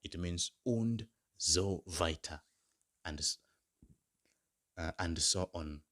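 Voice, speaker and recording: A man teaching beginner German phrases in English, slowly modelling each phrase and repeating words for learners. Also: low-pitched, fairly bright tone. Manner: slow, drawn-out modelling of example phrases. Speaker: German language tutor.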